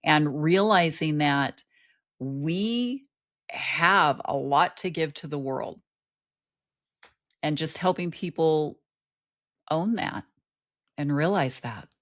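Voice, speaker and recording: Low-pitched woman, middle-aged, earnest storyteller, interview guest. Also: expressive, takes it slowly, pauses often. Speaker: guest, life coach. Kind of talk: conversational interview.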